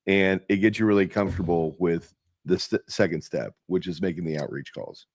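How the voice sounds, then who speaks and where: A man's voice: low-pitched, a little fast, a little mellow, no room sound, clean studio sound. A man co-hosting a casual show who chimes in to praise and build on his partner's points. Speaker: co-host. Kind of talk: casual chat.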